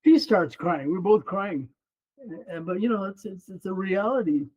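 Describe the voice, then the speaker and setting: A man's voice: high voice, lively intonation, normal speed, a little mellow. A man in his seventies from Mexico, talking earnestly about his life as a podcast guest, often saying "you know". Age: 70s. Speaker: guest, former runner and coach. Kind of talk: personal storytelling in conversation. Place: room at his home. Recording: dull lo-fi sound.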